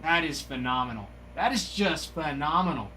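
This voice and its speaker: A man hosting a live trading card break, giving excited, gushing commentary as he reveals each card. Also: on the high side, normal speed, slight background noise.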